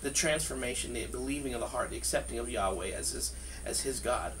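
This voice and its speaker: A man, a pastor, teaching from the Bible in a relaxed, conversational way, full of fillers and restarts, filmed outdoors by a street. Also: mid-range voice, brisk. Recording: distant mic, faint outdoor noise.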